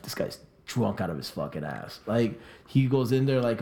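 A man's voice: medium pitch, moderate pace, gravelly. A young man from South Florida telling a long story in casual podcast chat, swearing freely and acting out what others said. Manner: animated, profane, acts out quoted voices.

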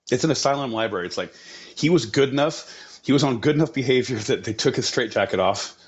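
A man's voice: fairly low pitch, muffled recording. A man co-hosting a casual comedy podcast, riffing jokes and teasing his co-host with plenty of swearing. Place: home setup in Southern California.

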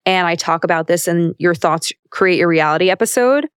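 Smooth-voiced young woman, emphatic and profane. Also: lowish voice, fairly quick, dry recording, studio quality. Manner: candid, emphatic, swears freely. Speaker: podcast host. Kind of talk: motivational self-help monologue.

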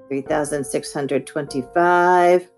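A woman's voice: sits low, fairly even intonation, slow, a little mellow, faint music behind. A woman voicing a cold, greedy old witch who speaks curtly and dismissively. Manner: curt, dismissive.

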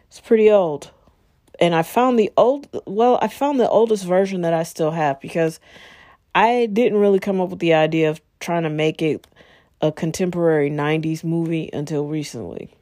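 Candid, rambling woman podcaster, low dry voice. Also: a little mellow, dry recording. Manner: candid, rambling, frequent fillers and asides. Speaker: podcast host and screenwriter. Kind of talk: casual solo podcast monologue.

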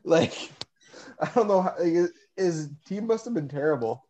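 A man's voice: fairly high pitch, lively intonation, moderate pace, mellow, lo-fi sound. A man co-hosting a casual hockey podcast, chatty and self-deprecating, leaning on "like". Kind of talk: casual chat.

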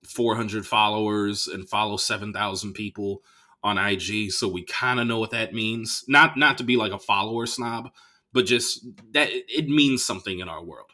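A young man from the Bay Area hosts a podcast and tells stories in a loose, profane way. His voice is bright and forceful, and it jumps up sharply in pitch when he gets animated. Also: normal speed. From Bay Area, California. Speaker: podcast host. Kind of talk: casual storytelling monologue.

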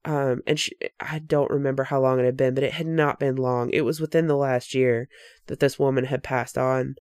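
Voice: medium pitch, steady tone, moderate pace, darkish tone, no room sound, studio quality. Podcast host telling a spooky story. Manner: earnest, reflective, with frequent fillers and self-corrections.

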